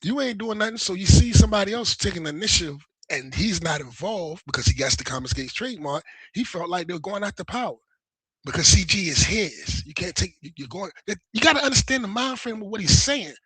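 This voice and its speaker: An animated man talking in slangy, profane casual chat as a livestream guest. His voice is bright and husky, and it sounds close and dry. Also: high-pitched, fairly quick, dry recording.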